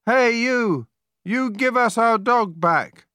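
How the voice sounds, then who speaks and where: A man doing a bold shouting boy. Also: fairly high pitch, very animated, moderate pace, no echo, clean studio sound, pitched above the performer's own voice. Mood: alarmed. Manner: loud and urgent.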